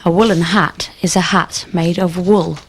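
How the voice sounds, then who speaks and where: A woman with a slightly low voice answers in a scripted language drill. She gives careful, complete sentences that echo each question. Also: fairly even intonation, moderate pace, husky. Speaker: student in drill.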